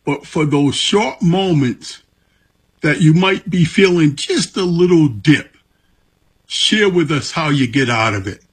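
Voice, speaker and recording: A man hosting an interview, asking questions in a slow, deliberate way. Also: a little high, lively intonation, breathy edge. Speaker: host.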